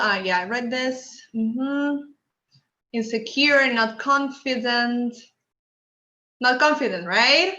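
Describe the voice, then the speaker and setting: Higher female instructor, Spanish native speaking English, roomy lo-fi video call. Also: takes it slowly, pushed and bright. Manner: encouraging, asks the group questions. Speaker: workshop instructor. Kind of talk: online workshop teaching. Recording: echoey room, dull lo-fi audio.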